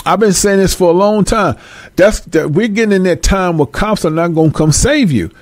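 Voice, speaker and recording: A man's voice: high-pitched, normal speed, no echo. A man delivering a blunt, profane opinion rant to his viewers, emphatic and streetwise. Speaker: vlogger.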